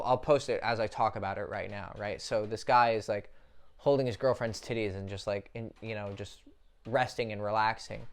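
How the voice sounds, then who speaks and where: A young man giving dating advice as a coach, blunt and profane, talking straight to the viewer in a casual monologue. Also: mid-range voice.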